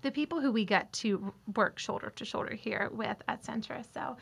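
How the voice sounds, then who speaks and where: A woman hosts a relaxed interview chat, her voice bright and sharp and sitting a bit high. She talks in an encouraging, openly moved way, affirming her guest as she goes. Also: normal speed, vocal fry, breathy edge. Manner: warm, encouraging, a little emotional. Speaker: podcast host.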